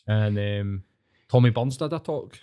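Scottish guy, thirties, loose casual chat host, heavy swearing, animated storyteller. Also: fairly low pitch, measured pace, clear, resonant tone, dull audio. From Scotland.

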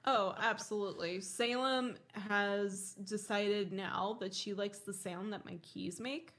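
Young female co-host, bright voice, animated and laughing, casual and profane. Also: mid-range voice, slow. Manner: animated storyteller, swears freely, laughs often. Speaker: podcast co-host. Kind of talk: casual chat.

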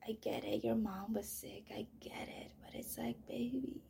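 A woman telling a raw personal story as a mother, swinging between loud outbursts and near-whispers. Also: mid-range voice, flat delivery, normal speed, creaky. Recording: voice message.

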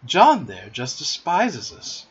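A man voicing a wide-eyed, admiring little girl who loves home life, with a high wondering manner, in a dull lo-fi recording. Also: huge pitch swings, slow pace, husky, full character voice. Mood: wondering, delighted.

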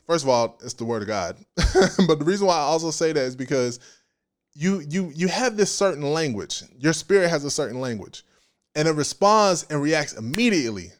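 A man preaching a casual sermon in an animated, playful way, with slang and frequent laughs. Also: on the high side.

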